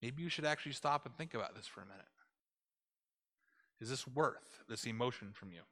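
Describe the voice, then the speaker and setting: A man preaching a conversational sermon, retelling a story with animated delivery and asking his listeners rhetorical questions. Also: mid-range voice, fairly quick.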